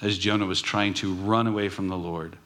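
A man's voice: low voice, fairly even intonation, brisk, fairly bright tone. A man preaching a sermon as pastor, earnest, with emphatic rising bursts.

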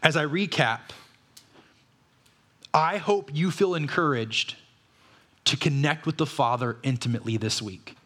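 With measured pacing and long pauses, a fairly high-voiced man preaches as pastor of his church. His tone is lively and conversational as he asks question after rhetorical question.

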